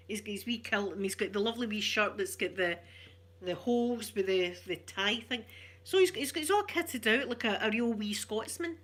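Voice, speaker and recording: Middle-aged Glaswegian woman, ASMR stream host, soft rambling chat, bright voice. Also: mid-range voice, normal speed. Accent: Glaswegian Scottish. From Glasgow, Scotland. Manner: soft-spoken, rambling, warm chatter with viewers. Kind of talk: chatty ASMR livestream.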